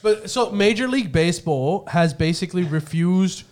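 Explanatory man with a slightly high voice. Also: lively intonation, normal speed, darkish tone. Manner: explanatory, methodical, hesitant restarts. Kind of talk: casual chat.

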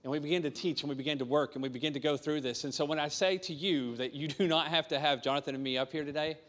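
Earnest pastor in a reverberant hall. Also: male voice, fairly high pitch, fairly even intonation, fast talker, fairly bright tone. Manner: earnest, storytelling, repeats key lines. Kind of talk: sermon testimony.

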